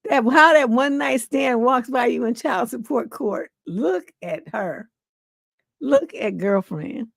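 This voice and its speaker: A woman's voice: on the high side, lively intonation, slow pace, vocal fry, dry recording, clean studio sound. Laughing woman hosting a live stream. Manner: laughs often, reacts loudly, quotes people in playful voices. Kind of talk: casual live stream chat.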